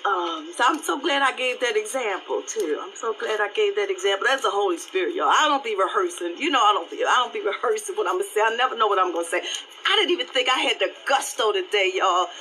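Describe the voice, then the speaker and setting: A woman pastor giving an animated, live-streamed devotional talk, repeating her phrases and laughing often. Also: mid-range voice, quick pace, slight background noise, low-quality recording.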